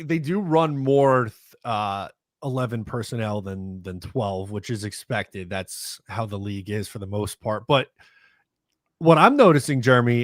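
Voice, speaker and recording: A man hosting a casual sports chat show, relaxed and reading out listener comments. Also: mid-range voice, dry recording, clean studio sound. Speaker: podcast host.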